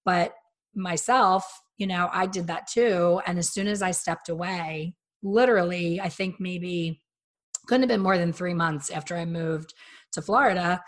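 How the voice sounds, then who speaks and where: Middle-aged woman, former stylist, animated podcast storyteller with a low-pitched voice. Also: normal speed. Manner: chatty, animated storyteller who acts out quotes. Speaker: guest, former hairstylist. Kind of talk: casual podcast chat.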